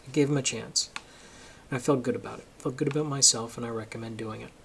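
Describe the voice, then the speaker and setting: A man at a middle pitch delivers a casual opinion monologue for his channel. He argues emphatically and gets worked up, and a faint background noise sits under his voice. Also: animated, fast, vocal fry. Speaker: political commentary vlogger.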